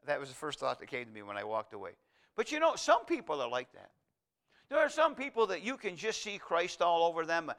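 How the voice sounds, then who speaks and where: Male pastor, sermon, folksy and rambling, high bright voice. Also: huge pitch swings, brisk. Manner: folksy, digressive, reads scripture aloud; shifts between quiet asides and loud emphatic lines.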